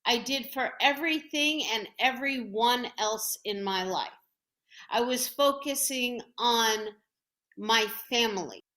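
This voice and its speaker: A woman hosting a talk show, speaking in a measured, heartfelt way with pauses as she shares her own experience. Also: on the high side, bright, forceful tone. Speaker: host.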